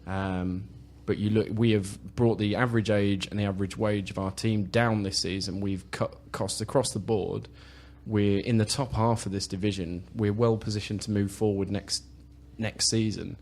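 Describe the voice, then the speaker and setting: Low-voiced opinionated podcast panelist man. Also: fairly even intonation, a little mellow. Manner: opinionated, measured, with repeated restarts. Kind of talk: casual football podcast discussion.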